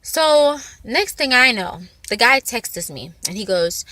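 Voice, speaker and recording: A woman's voice: on the high side, slow pace, hardly any pauses, dry recording. A woman vlogger telling a personal story in a rambling, casual way, full of fillers. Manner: rambling, filler-heavy, animated retelling.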